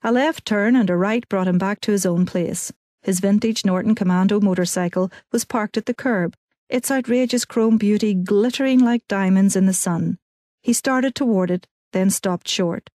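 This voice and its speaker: A woman's voice: mid-range voice, normal speed, a little mellow, no room sound. Woman narrating an audiobook, dry and close. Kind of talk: scripted narration.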